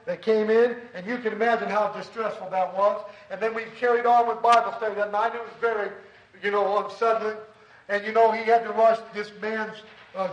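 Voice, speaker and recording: A man preaching a sermon, telling a story earnestly and dropping to a soft, low voice for emphasis. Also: reverberant, muffled recording.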